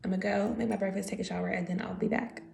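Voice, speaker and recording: A woman's voice: mid-range voice, fairly even intonation, fast talker, vocal fry, darkish tone, a little hiss or hum. A woman in her thirties with an American accent, chatting casually and at length on a live stream, with many fillers. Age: 30s.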